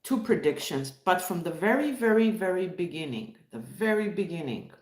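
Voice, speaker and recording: A woman's voice: on the low side, animated, normal speed. Chatty woman from Montreal, echoey room. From Montreal, Canada. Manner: chatty, reads chat, greets viewers warmly by name. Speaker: livestream host. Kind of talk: casual live-stream chat.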